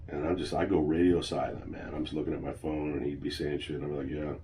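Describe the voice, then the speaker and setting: A man's voice: extremely low pitch, fairly even intonation, fast talker, mellow, a little hiss or hum. A middle-aged man telling a personal story in a blunt, swearing, venting way. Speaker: channel host. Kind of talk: personal vlog monologue.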